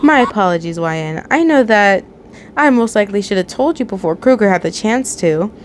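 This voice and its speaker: Polite male cannibal psychiatrist, read by a woman, calm and measured, mid-pitched. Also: slight background noise, natural voice.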